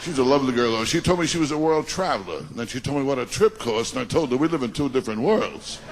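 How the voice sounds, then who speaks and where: A stand-up comedian from Long Island, rattling off self-deprecating one-liners and teasing the crowd. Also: male voice, mid-range voice, very animated, fast talker, slight background noise. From Long Island, New York. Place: comedy stage before a live audience. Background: audience laughter.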